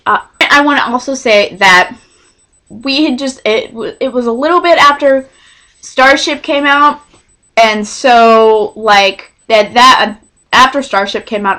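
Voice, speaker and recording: A young woman from Texas telling a storytime vlog, rambling and excitable, often cutting herself off mid-sentence. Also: fairly high pitch, measured pace. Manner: rambling, self-interrupting, excitable. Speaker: vlogger.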